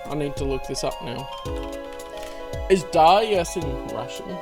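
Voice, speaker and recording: Man doing let's play commentary, slow unhurried talk, lively pitch, loud music behind. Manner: chatty, self-deprecating asides. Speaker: video game let's player. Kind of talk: casual gameplay commentary.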